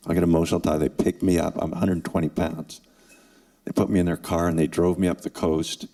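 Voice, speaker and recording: A man in his sixties, a former football kicker, telling his personal story to students in an earnest way with dramatic pauses. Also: deep voice, flat delivery, dark tone. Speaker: former NFL kicker and forum speaker. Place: event hall.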